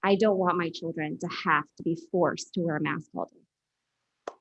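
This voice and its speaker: A woman's voice: on the low side, fairly even intonation, normal speed, gravelly, slight background noise. A woman in her thirties from Illinois, a mother making a firm, matter-of-fact public comment. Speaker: parent speaking at public comment. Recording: dull lo-fi meeting audio.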